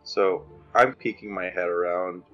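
A man's voice: low voice, unhurried, fairly bright tone, dull audio, soft background music. A man talking as a player at a tabletop game in casual, joking chat. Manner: joking, laughing, swears often.

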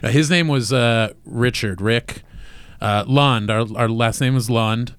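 A man telling stories as a comedian guest in casual podcast chat, laughing loudly and often. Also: medium pitch, measured pace, clear, resonant tone, dry recording. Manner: loud laughs, animated storytelling.

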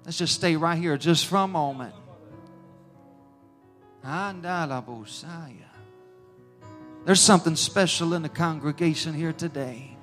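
A man preaching an emotional sermon in a church sanctuary, swinging between hushed and fervent as he leads an altar call. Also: a little high, fairly quick, few pauses, soft background music. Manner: emotional, rising and falling intensity, speaks in tongues. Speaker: pastor.

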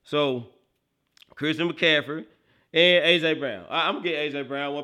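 A man hosting a casual livestream, reacting excitedly to football highlights, laughing often and talking straight to his chat. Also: moderate pace, clean tone. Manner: excitable, laughs often, bursts into loud outbursts, talks to chat; slangy, animated football banter. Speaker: livestream host.

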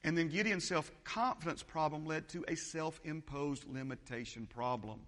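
High-voiced man preaching in a reverberant hall. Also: normal speed, a bit bright. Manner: emphatic, repetitive, building lists, interjects "amen". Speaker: pastor. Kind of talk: sermon.

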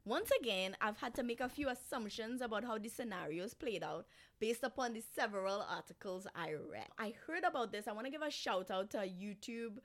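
A woman co-hosting a casual true-crime chat, animated and profane, with laughing asides. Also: a little high, fairly quick. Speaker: podcast co-host telling a case.

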